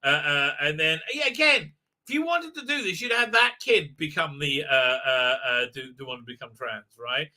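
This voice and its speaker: A man with a bright, sharp, fairly high voice talks into a desk microphone, recapping a show for a live stream. He is heated and indignant, and he trips over himself with restarts as he goes. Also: expressive, moderate pace. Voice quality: frequent filler sounds and restarts, heated, indignant. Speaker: show host.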